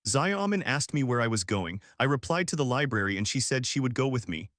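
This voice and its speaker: A man narrating a drama story in an expressive, storytelling manner. His pitch rises and falls freely over a mid register. The recording is dry and close, with no room sound. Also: a little fast, hardly any pauses, no echo.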